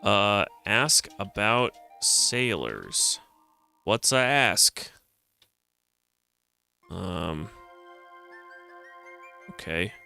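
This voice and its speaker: A man's voice: fairly low pitch, animated, extremely slow, gravelly, pauses often, sharp tone, clean tone, faint music behind. A man streaming a retro adventure game, joking around and reading the game's text aloud. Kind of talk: casual game commentary.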